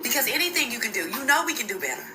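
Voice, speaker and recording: A woman delivers self-assured, preachy commentary in a slightly raised voice. Music plays clearly under her talk throughout. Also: fairly high pitch, sing-song, rapid-fire. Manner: confident, sassy and preachy. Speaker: social media commentator. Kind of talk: direct-to-camera commentary.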